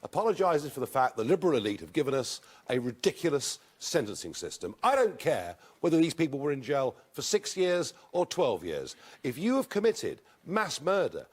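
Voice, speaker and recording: A man answering questions in a televised debate, forceful and emphatic, repeating words for stress. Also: a little high, very animated, moderate pace, breathy edge. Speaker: party leader in a televised debate.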